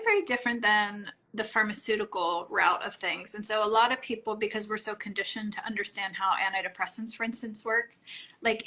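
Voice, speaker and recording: A middle-aged woman, a healing practitioner, answering interview questions in a calm, explanatory way, often trailing off softly at phrase ends. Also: mid-range voice, rough recording. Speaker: microdosing practitioner, guest.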